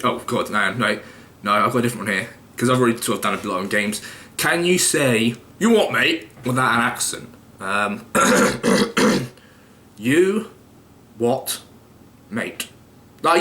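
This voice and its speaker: A man's voice: medium pitch, bright, forceful tone, reverberant, slight background noise. A young man casually answering viewer questions in a loose, jokey, rambling way with occasional swearing. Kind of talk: casual vlog Q&A.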